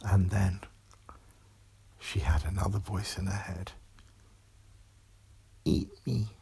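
Gravelly, hushed bedtime storyteller man. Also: low-pitched, measured pace. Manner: hushed and animated, drops to whispers.

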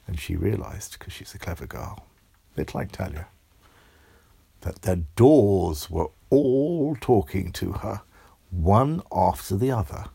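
A man tells a bedtime story slowly in a dark, gravelly, husky voice. He keeps it hushed and animated, swings his pitch widely and often sinks into a whisper.

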